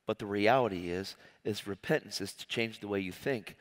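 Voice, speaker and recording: A man preaching a personal testimony sermon, telling his story in an animated, emotional way with many restarts. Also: on the low side, moderate pace. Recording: long hall reverb.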